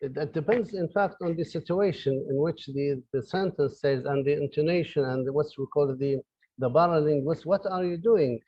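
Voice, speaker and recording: A man's voice: a little high, normal speed, dry recording. Man, online lecture, hesitant with fillers, dry lo-fi recording. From Libya. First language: Arabic. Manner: hesitant, many fillers and restarts. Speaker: professor lecturing. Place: his office.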